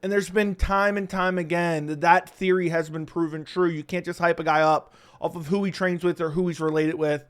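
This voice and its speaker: A young man with a fairly high-pitched voice hosts his own channel. He talks in casual solo commentary, blunt and opinionated, tossing in quick asides as he calls each matchup. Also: a bit bright, smooth. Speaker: MMA predictions host.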